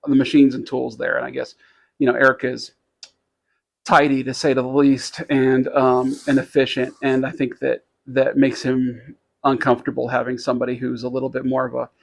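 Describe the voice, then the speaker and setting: Gravelly-voiced man telling a rambling story. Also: mid-range voice. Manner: rambling, halting with many fillers, animated when quoting others. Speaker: podcast co-host. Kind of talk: casual storytelling chat.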